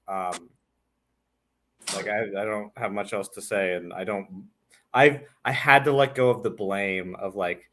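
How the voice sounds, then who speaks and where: A man hosting a casual conversation, speaking softly and reflectively about his family. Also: on the low side, a little slow, a little hiss or hum. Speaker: podcast host.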